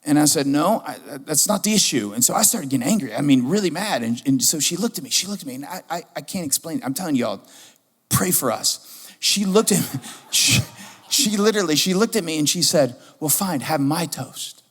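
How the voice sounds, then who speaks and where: A middle-aged man delivers a sermon with a slightly high voice and an animated, humorous storytelling manner. His voice carries a long reverb from a large church hall. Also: a little fast, slightly rough. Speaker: pastor. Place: church auditorium.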